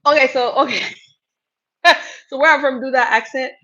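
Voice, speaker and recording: A woman's voice: high-pitched, moderate pace, a bit bright. Cameroonian-born woman doing a chatty live q&a, laughs a lot, kinda muffled lo-fi stream audio. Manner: chatty, laughs often, reads out viewer comments. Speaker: livestream host. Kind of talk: casual live Q&A chat.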